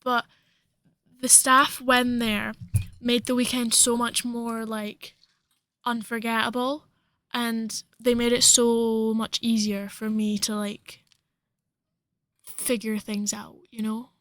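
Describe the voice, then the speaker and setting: A young woman co-hosts a podcast, chatting casually and rambling with plenty of fillers. Her voice is fairly high and fairly bright, with little pitch movement, a slow pace and long pauses. The recording has no room sound.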